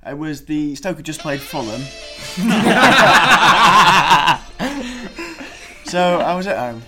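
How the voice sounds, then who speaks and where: A man's voice: fairly high pitch, a little fast, over music. A young man co-hosting a casual football podcast, telling a rambling anecdote with frequent restarts. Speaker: podcast co-host.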